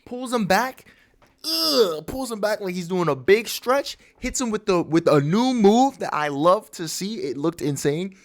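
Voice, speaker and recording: A man casually recapping a manga chapter with excited slang and his own sound effects. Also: sits high, moderate pace, few pauses. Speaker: manga breakdown host.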